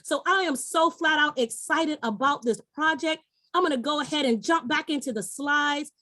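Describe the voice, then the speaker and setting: A woman's voice: high voice, moderate pace, pushed and bright, dry recording. A middle-aged woman giving an enthusiastic, persuasive sales presentation online, talking straight to her audience.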